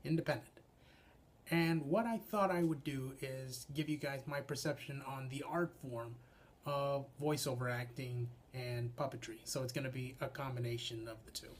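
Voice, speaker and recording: A young adult man, a puppeteer and voice actor, explaining his craft informally and haltingly, often restarting his sentences. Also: medium pitch, steady tone, a little hiss or hum. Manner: halting, restarts sentences, frequent filler sounds.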